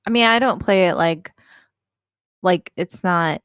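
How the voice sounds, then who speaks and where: A woman's voice: lowish voice, unhurried, fairly bright tone, clear, resonant tone, no echo. A woman co-hosting a casual live-stream chat, laid-back and giggly with dry jokes. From California. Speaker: co-host.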